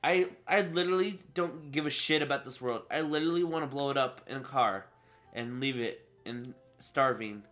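Bright-voiced young man ranting over gameplay. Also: medium pitch, normal speed. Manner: frustrated, swearing, talks to viewers. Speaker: gaming channel host. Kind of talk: casual let's play commentary. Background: game music.

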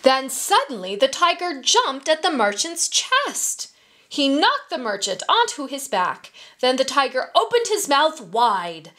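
Slow, expressive woman reading to children. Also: high voice. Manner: slow, expressive read-aloud for small children. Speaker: story time reader. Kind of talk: reading a children's storybook aloud.

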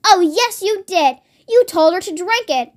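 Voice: extremely high pitch, expressive, measured pace. A child reading aloud and voicing a frantic mother who shrieks and wails in panic. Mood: panicky. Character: frantic fussing mother, woman in her forties.

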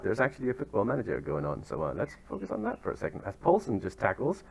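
Excitable young man commentating a football sim. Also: on the low side, fast talker, vocal fry, breathy edge, dull audio. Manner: excitable, chatty, self-deprecating, sudden yelps. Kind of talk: casual gaming commentary. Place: outdoors near turkeys.

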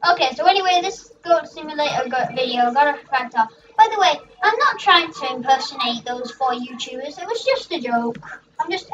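Young let's-play host, very high and squeaky, excitable and rambling; dull, distant mic with faint music under it. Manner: rambling, excitable, shrieks at game events. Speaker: gaming channel host.

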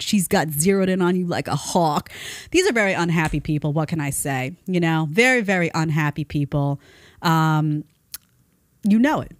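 A woman in her thirties hosting a casual commentary show, chatty and animated, laughing often. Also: lowish voice, no echo, studio quality. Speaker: host.

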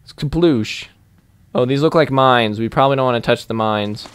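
A young man commentating his game in a loose, rambling way, giggling and thinking out loud. His voice is smooth and resonant, close on the mic. The sound is dry, with no room around it. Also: mid-range voice, fast, no echo. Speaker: gaming YouTuber. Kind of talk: let's play commentary.

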